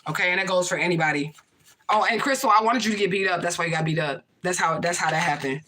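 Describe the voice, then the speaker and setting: A woman's voice: on the low side, fast talker. A woman giving a casual livestream tarot reading, ranting bluntly with lots of profanity and acting out what other people say. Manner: animated, acts out other people's speech. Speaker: tarot reader.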